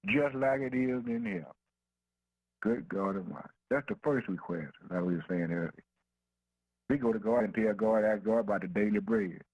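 This sermon comes over a dry, phone-quality recording: a man with a lowish, breathy-edged voice at normal speed preaching rhythmically and emphatically. Speaking informal dialect with "ain't no", he asks himself "what?" and answers, dropping "man" and "boy" between phrases.

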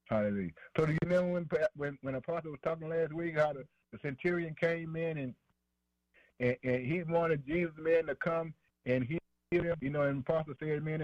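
A man's voice: a little high, darkish tone, no room sound. A man a sermon, rhythmic and repetitive, calling out "man" and "boy" between phrases. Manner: preachy call-and-response, fillers like man and boy. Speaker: preacher. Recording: dry, dull lo-fi radio broadcast.

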